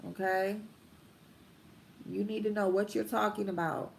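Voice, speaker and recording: A woman's voice: medium pitch, steady tone, unhurried, gravelly, a little hiss or hum. A woman hosting a casual livestream, ranting bluntly and profanely, stretching out her emphatic lines while she does her makeup. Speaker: vlogger host.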